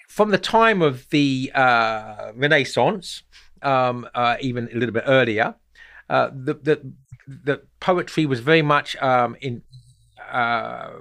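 A man at a middle pitch talks through poetic meter off the cuff, stopping and restarting as he finds his words. His delivery is unscripted and explanatory, the manner of a host thinking aloud. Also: fairly bright tone. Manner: halting, thinking aloud, with many repeated words.

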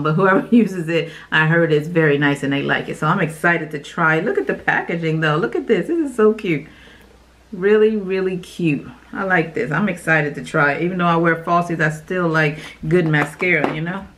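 A woman, a beauty YouTuber, chatting excitedly to her viewers while unboxing products in a casual vlog. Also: lowish voice. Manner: bubbly and excitable, talks to viewers as "y'all".

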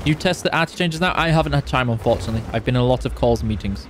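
A man's voice: mid-range voice, animated, rapid-fire, hardly any pauses, slight background noise. A tired man chatting casually on a live gaming stream, reading out chat and humming while he plays. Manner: chatty, reads chat aloud, hums along while playing. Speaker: game streamer on official channel.

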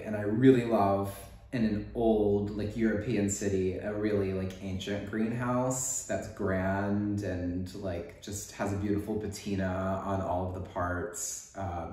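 A rambling, chatty man with a Texas drawl talks through a casual knitting podcast with a slightly low voice. His speech is full of "like" and jokes. The sound is very echoey, as if he is in a bare, reverberant room. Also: fairly even intonation, normal speed, darkish tone. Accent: Texan. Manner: rambling, chatty, joking, lots of "like". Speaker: podcast host.

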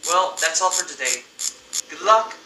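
A man voicing a hurried phone-message character in a horror game. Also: on the high side, lively intonation, bright, forceful tone, echoey room, slight background noise, rough recording.

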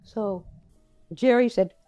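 An older woman, a playwright, recalling her career in a reflective, halting way, often repeating words as she remembers. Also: a little high, dark tone, soft background music. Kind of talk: reflective personal storytelling.

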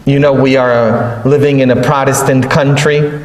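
A man preaching a sermon as a priest, telling stories with joking asides in a slow homily style. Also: mid-range voice, level tone. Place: large church. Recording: echoey church from a distance.

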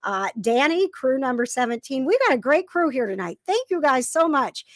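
Lady hosting a chat show, kinda high voice, dry close sound, rambly with lots of uhs. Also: sing-song, normal speed, dry recording. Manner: chatty, thankful, many fillers. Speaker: talk show host. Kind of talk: casual chat.

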